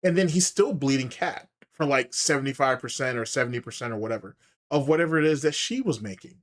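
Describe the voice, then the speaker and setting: A man's voice: medium pitch, fast talker. A man giving casual, profane commentary as host, mocking and taunting with frequent laughter.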